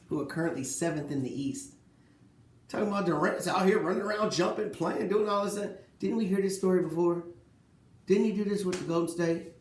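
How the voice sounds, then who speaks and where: Animated man ranting about sports, echoey room. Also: fairly high pitch, slight background noise. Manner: animated, rhetorical questions, mocking quotes. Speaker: sports talk host. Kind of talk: casual solo sports commentary.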